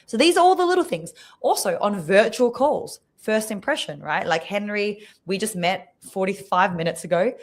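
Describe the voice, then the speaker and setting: A woman speaking coach, a podcast guest on a video call, explaining clearly and showing examples with her voice. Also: medium pitch, normal speed, few pauses. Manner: expressive, demonstrates voices while teaching.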